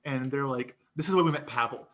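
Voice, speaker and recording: A man co-hosting a podcast, telling a story in casual chat, animated and profane, laughing often and acting out what people said. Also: mid-range voice, fairly quick. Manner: animated, laughing storyteller who swears and acts out quotes. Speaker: podcast co-host.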